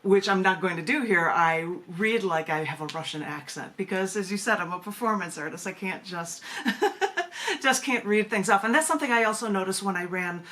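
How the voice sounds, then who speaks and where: A woman's voice: mid-range voice, expressive, normal speed, fairly bright tone. A woman poet and performance artist being interviewed over a video call. She chats casually, laughs often and restarts her phrases, then reads her poetry aloud.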